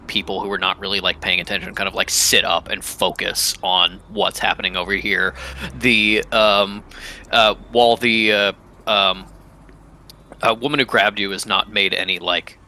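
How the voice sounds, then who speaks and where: A man's voice: on the low side, sharp tone. A man narrating as game master of a tabletop game, hesitant and full of ums and restarts.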